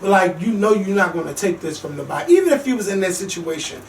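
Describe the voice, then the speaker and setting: High-voiced man ranting bluntly, echoey room. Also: fast, slight background noise. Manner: blunt, profane, animated ranting. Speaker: podcast host. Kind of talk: casual reality TV recap. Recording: echoey room, mic at a distance.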